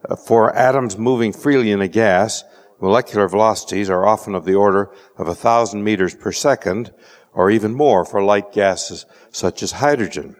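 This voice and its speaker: Long reverb fills the lecture hall as a low-voiced man lectures on science in a measured way. He stays patient, adds dry humor, and stops on fillers as he reasons through each point.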